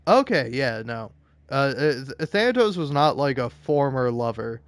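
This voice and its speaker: A man streaming and chatting casually, rambling with lots of profanity and stumbling restarts, breaking into high-pitched rants. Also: lively intonation, normal speed, dry recording. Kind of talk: casual chat while gaming.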